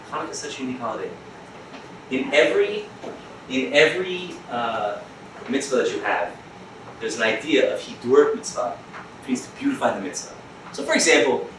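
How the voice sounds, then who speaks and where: Animated man lecturing in an echoey room. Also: medium pitch, far from the mic, noisy background. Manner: animated, joking, acts out voices of others. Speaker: rabbi teaching a class. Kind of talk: lively classroom lecture. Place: school classroom. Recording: echoey room, mic from afar.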